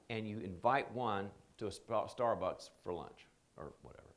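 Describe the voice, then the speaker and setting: A man leading a leadership training seminar, telling animated stories and acting out the people he quotes. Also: fairly low pitch, fairly quick, hardly any pauses, a little hiss or hum. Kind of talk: seminar talk.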